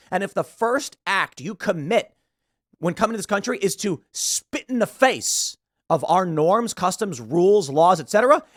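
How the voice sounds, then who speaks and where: A man's voice: high voice, no room sound, clean studio sound. A man hosting a political talk show, giving casual, opinionated commentary and sometimes mimicking others. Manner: animated, opinionated, mimics others mid-rant. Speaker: podcast host.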